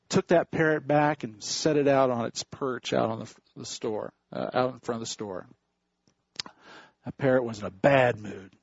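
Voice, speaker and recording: A male pastor preaching a sermon in a church, telling stories in a slow, deliberate way, with a husky voice. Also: fairly high pitch, no echo. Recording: dull dry recording.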